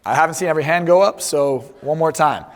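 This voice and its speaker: A man's voice: fairly high pitch, quick pace. A man speaking as a seminar presenter, telling a brash, profane comic story to a live crowd. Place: large seminar hall. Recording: echoey seminar hall.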